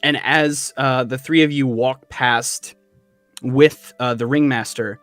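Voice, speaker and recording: A man narrating as game master of a tabletop game, talking in an unhurried, halting way with many fillers. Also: mid-range voice, steady tone, a bit bright, dry recording, faint music behind.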